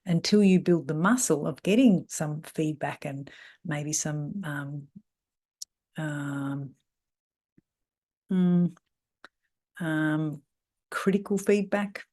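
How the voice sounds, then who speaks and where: A middle-aged woman, talking as a salon mentor in an animated way. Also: on the low side, slow pace, pauses often. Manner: animated, mimics voices when quoting people. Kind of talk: talk on salon team issues.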